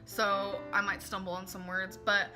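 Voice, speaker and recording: A woman's voice: mid-range voice, monotone, measured pace, music in the background. A woman in a confessional vlog, earnest and emotional, reading out messages and talking them through. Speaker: vlogger.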